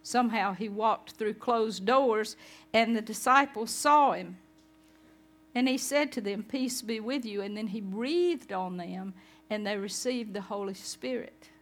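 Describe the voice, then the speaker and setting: A woman's voice: mid-range voice, a little slow. A woman pastor giving a conversational sermon, chatting with her congregation.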